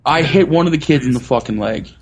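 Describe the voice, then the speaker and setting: A man with a fairly high voice tells blunt, profane stories on a casual comedy podcast. His tone is loose and irreverent. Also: fast talker. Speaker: podcast guest.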